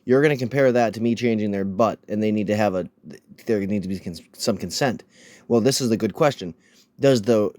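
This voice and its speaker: A man with a medium-pitched voice gives a casual reaction commentary. He sounds sarcastic and crude, stumbling over repeated words as his rant builds. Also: warm tone, no echo. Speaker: reaction video host.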